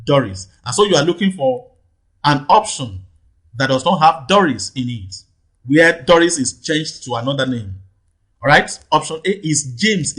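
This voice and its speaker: A man's voice: a little high, fairly bright tone, breathy edge, poor audio. A male tutor patiently explaining exam answers, repeating question numbers and checking with "right?". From Nigeria. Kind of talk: teaching lesson, explaining answers.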